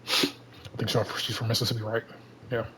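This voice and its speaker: A man's voice: on the low side, level tone, moderate pace, bright, forceful tone, a little hiss or hum, poor audio. Rambling Southern man reading comics. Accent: Southern American. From Alabama. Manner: rambling, with many fillers. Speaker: comic reader and commentator. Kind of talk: casual comic read-through and breakdown.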